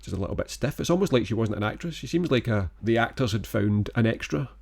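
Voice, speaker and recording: Gravelly low-voiced man, rambling film chat. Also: fast. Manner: relaxed, rambling, enthusiastic. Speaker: podcast co-host. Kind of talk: casual film-review chat.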